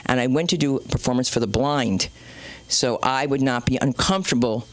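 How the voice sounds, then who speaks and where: A woman comedian hosting an open mic night, telling a rambling stand-up story with swearing and sudden loud and low turns. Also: a little fast, no echo. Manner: animated, swearing, jumps between loud and low. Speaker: comedian and show host. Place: small comedy club stage.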